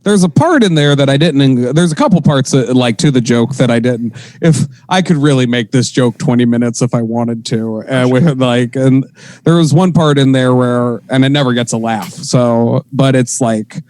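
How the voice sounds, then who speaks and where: A man's voice: medium pitch, moderate pace, a little mellow, poor audio. A man co-hosting a comedy podcast, riffing loosely and swearing often as he acts out little voices. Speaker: podcast co-host. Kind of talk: casual comedic banter.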